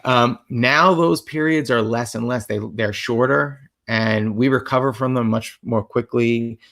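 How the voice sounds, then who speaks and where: With a medium-pitched, slightly bright voice and a measured pace, the man co-hosting the couples livestream chats casually. He comes across as earnest and reflective, filling his speech with fillers.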